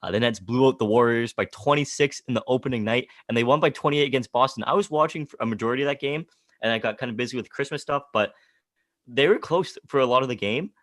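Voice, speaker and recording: Excitable guy co-hosting a sports podcast, mid pitch, dry close sound, laughs a lot. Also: quick pace, no echo. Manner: excitable, laughs often, retells his own reactions. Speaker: podcast co-host. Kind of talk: casual sports chat.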